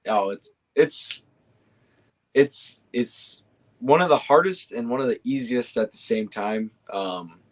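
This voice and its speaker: A young man chatting casually and easily, often pausing with fillers and restarting his sentences. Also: medium pitch, lively intonation. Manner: easygoing, hesitant with fillers and restarts. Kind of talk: casual chat.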